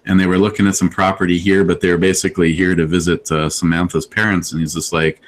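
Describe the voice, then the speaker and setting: A man's voice: sits low, flat delivery, fast talker, a little hiss or hum, low-quality recording. A man casually telling a rambling story on a live video chat, with lots of restarts and quotes he acts out. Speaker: live show host.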